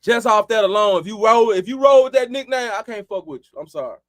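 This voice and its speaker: A man's voice: high voice, animated, fast talker, no echo, studio quality. A man from Chicago hosting a live stream, chatting loosely in profane street slang and laughing often. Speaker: livestream host. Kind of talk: casual live-stream chat.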